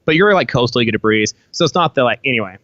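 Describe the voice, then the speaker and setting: A man's voice: medium pitch, lively intonation, very fast, pushed and bright, lo-fi sound. A young adult man as a podcast guest, talking in a laid-back, rambling way with casual swearing. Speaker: podcast guest, apparel company founder.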